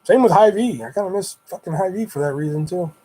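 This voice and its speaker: A young adult man swapping stories on a casual livestream, his voice sitting a little higher than most men's. He rambles along in a loose, laid-back way and swears freely as he goes. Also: animated, fast talker, dark tone, slightly rough. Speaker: streamer.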